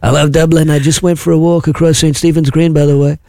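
A man's voice: fairly high pitch, little pitch movement, quick pace, gravelly, warm tone, dry recording. A man doing an impression of a boastful older American politician who praises himself and keeps asking "right?". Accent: American put-on. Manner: bragging, self-praising, repeats "right?".

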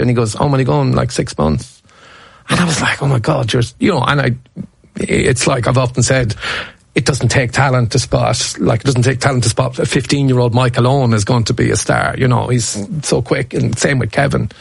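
A man's voice: medium pitch, steady tone, brisk, gravelly, breathy edge, no echo. A comedian in his fifties telling rambling anecdotes in a casual interview, restarting his sentences as he goes. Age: 50s. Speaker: stand-up comedian guest.

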